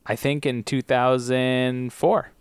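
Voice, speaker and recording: A woman co-hosting a podcast, chatting casually with quick joking reactions. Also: extremely low pitch, clean tone, dry recording, clean studio sound. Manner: short reactions, animated and joking. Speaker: podcast co-host. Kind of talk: casual chat.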